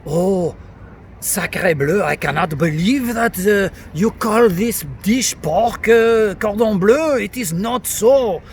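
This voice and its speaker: A man's voice: sits high, expressive, slow, a little hiss or hum, heavily acted. A man putting on an exaggerated French accent as an indignant Frenchman complaining about a dish. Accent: put-on French. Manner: over-the-top, drawn out, indignant.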